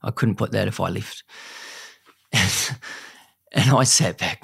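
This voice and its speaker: Gravelly earnest New Zealand man. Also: lowish voice, fairly even intonation, fairly bright tone, dry recording, clean studio sound. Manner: earnest, repeats "mate", halting restarts. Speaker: guest. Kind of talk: emotional personal story in a podcast interview.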